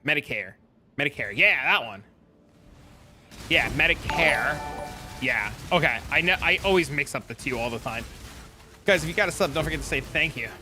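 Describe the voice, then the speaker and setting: A man's voice: a little high, lively intonation, moderate pace, long pauses, over music. A man streaming live, chatting loosely with viewers and rambling through an anecdote. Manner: rambling storyteller, chats with viewers. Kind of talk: casual live-stream chat.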